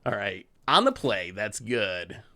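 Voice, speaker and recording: A man's voice: fairly low pitch, very animated, slow, sharp tone. A man hosting a show, giving casual commentary on a card game as he plays, chatty and laughing often. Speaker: host.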